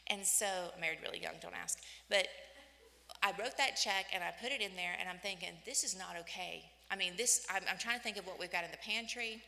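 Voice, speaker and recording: A woman in her fifties giving an inspirational church talk, telling personal stories in an animated way and acting out the voices she quotes. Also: medium pitch, quick pace, vocal fry. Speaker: women's day church speaker. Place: church hall. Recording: echoey church hall.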